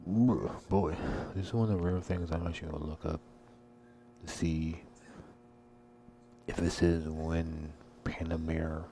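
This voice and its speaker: A man's voice: extremely low pitch, steady tone, unhurried, dark tone, slight background noise. A man giving casual let's-play commentary, rambling and crude, swearing a lot. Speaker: gameplay commentator. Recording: game music behind voice.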